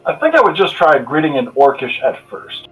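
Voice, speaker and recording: A man's voice: a little high, wildly swooping pitch, moderate pace, distant mic, narrow, tinny audio, soft background music. A man playing a tabletop game, talking casually and thinking aloud about his character's actions. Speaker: player.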